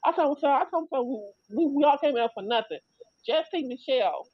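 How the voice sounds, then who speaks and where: A woman's voice: sits high, animated, brisk, no echo. Rambling, repetitive woman telling a story. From Chicago area. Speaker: livestream host. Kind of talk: casual livestream chat. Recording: dry, muffled livestream audio.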